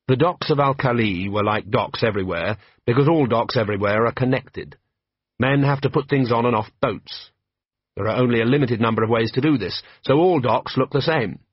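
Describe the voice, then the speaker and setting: A man narrates a comic fantasy audiobook with a dry, wry touch, at a middle pitch. His voice is a little husky, and the recording is close and dead, with a muffled, dull tone. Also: fairly quick, no echo. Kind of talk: scripted narration.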